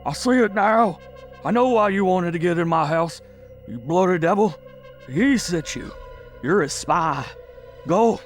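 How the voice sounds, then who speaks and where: A man's voice: medium pitch, fairly even intonation, brisk, soft background music, pitched above the performer's own voice, lightly acted. A male narrator voicing a harsh, gaunt, brusque recluse who snaps in short, clipped lines. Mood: panicked. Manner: snapping, turns to panicked screaming.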